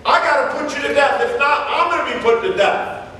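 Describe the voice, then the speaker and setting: Man acting out a stern, urgent Roman commander in a told story; high, commanding, heard from a distance. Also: animated, a little fast, sharp tone, very echoey, long reverb tail, slight background noise, heavily acted. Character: stern male Roman commander giving orders.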